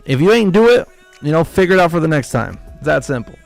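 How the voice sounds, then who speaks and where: Gravelly man ranting on a livestream. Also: a little high, sing-song, quick pace, no echo, faint music behind. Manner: emphatic, profane, repetitive ranting. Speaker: livestream trading host. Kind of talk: casual livestream rant.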